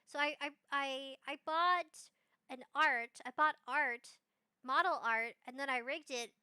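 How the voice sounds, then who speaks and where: A young woman streaming live, chatting in a rambling, bubbly way with bursts of excited squeals. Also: high-pitched, unhurried, no room sound, clean studio sound. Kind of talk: casual live-stream chat.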